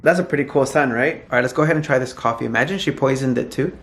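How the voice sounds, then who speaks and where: A man's voice: mid-range voice, rapid-fire. Chatty young man vlogging to camera. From California. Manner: chatty, animated, laughs often. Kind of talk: casual vlog chat to camera. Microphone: phone camera.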